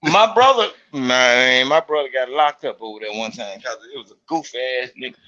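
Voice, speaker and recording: A man's voice: mid-range voice, lively intonation, moderate pace, pushed and bright. A man from Mississippi chatting casually, profane and emphatic, repeating himself to hammer a point home. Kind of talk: casual chat. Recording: lo-fi recording.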